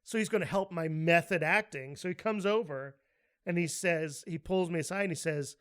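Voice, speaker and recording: A man co-hosting a podcast, telling a story with lively acted-out quotes and frequent laughter. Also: sits high, moderate pace. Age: adult, with a daughter. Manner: animated storyteller, laughs often, acts out quotes loudly. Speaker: podcast co-host. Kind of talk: casual chat.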